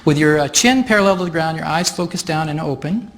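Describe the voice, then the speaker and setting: A man with a fairly high voice leads a live workshop demonstration from a stage. He explains each step in a chatty, easygoing way and laughs often. Faint room noise sits behind him. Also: lively intonation, quick pace. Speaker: workshop facilitator. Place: stage before an audience.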